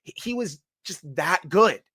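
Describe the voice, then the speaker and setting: A man's voice: high-pitched, animated, unhurried, sharp tone, husky. A man co-hosting a sports podcast, talking enthusiastically and fondly in a casual way. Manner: enthusiastic, fond, lots of "you know" fillers. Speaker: podcast co-host.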